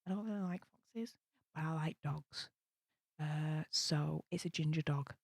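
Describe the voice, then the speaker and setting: A British woman hosting a live stream at night, talking low and quietly but bubbly and gushing. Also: unhurried, vocal fry, husky, no room sound, studio quality. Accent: British English. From United Kingdom. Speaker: livestream host. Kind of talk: casual live-stream chat, hushed. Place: home room at night.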